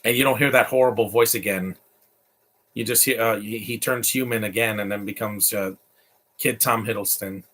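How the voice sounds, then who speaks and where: A man's voice: lowish voice, fairly even intonation, normal speed, a bit bright. A man giving casual, opinionated commentary while watching a movie, with chatty offhand asides. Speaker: movie reactor.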